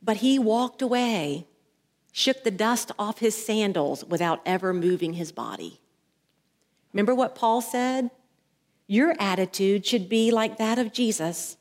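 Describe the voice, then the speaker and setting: A woman's voice: medium pitch, animated, measured pace, darkish tone. Woman preaching in a reverberant hall. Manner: storytelling, acts out voices in anecdotes. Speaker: pastor. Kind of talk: sermon. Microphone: headset mic at the ear.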